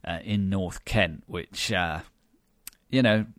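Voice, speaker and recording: A British man hosts a podcast, chatting wryly with many fillers and restarts. His deep voice is slow and fairly bright, recorded at studio quality with no room sound.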